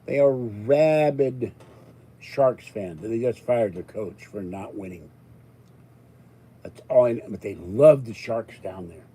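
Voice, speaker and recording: On a roughly recorded live stream, an older host speaks slowly in a low, mellow voice with a breathy edge. He rambles to his chat and reads viewer comments, growing exasperated and then calming again.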